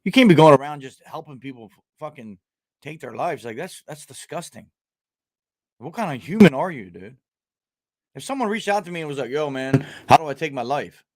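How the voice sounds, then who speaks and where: A man's voice: fairly high pitch, lively intonation, brisk, a little mellow. A man hosting a live chat with viewers, talking bluntly with lots of swearing, fillers and restarts, and growing indignant. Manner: indignant, rising into outrage. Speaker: livestream host.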